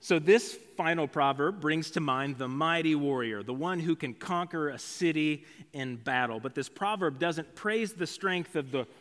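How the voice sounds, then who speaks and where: A man's voice: on the high side, moderate pace, few pauses, a bit bright. Guy preaching a sermon, chatty storyteller w asides, long echo from the church hall. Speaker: pastor.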